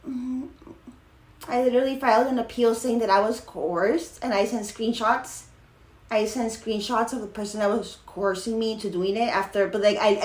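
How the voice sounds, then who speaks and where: A woman's voice: on the high side, a little mellow. A young woman streaming live, chatting casually in a rambling way full of fillers and swearing. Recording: echoey room.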